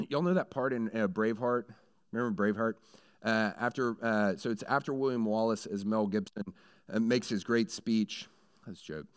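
A man preaching a sermon in a conversational way who builds into animated storytelling. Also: medium pitch, clean tone. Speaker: pastor.

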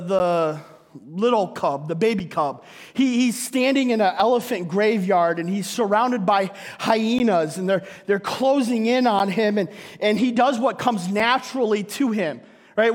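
A male pastor preaching a sermon in a conversational, playful way, tagging his sentences with "right?". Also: high-pitched. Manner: conversational, punctuates nearly every sentence with "right?"; playful, acts out scripture scenes. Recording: long reverb of a large hall.

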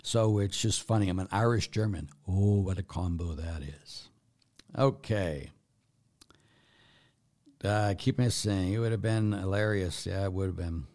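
Low gravelly priest guy, blunt, lots of uhs, just chatting through viewer questions. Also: measured pace, darkish tone. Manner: blunt, chatty, many fillers, preachy asides. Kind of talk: casual live Q&A, reading comments aloud.

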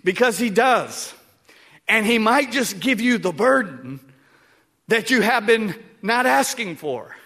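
A man preaching a sermon, dropping to a hush and then rising to shouts. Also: sits high, animated, slow pace, creaky. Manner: swings from hushed to shouting. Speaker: pastor.

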